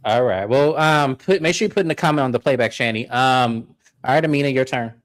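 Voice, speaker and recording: A woman's voice: rumbling low, brisk. A woman hosting a casual live-streamed chat with friends, laid-back and talkative, with frequent "um"s as she calls on each guest. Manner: laid-back, chatty, says "um" often. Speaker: host. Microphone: remote call setup.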